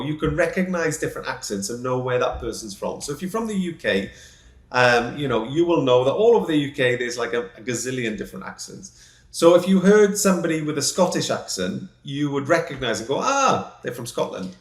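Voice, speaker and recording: A man co-hosts a podcast in a jokey, self-deprecating way. His pitch swings animatedly and sits a little high for a man. A roomy echo hangs around his voice. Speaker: podcast co-host. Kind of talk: casual podcast chat, explaining with analogies.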